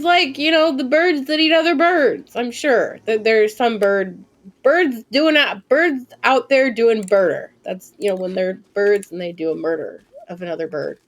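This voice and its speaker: Chatty woman streamer, fairly high voice. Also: unhurried. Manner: chatty, thinks aloud, bursts into excited squeals and swears. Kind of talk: live gameplay commentary.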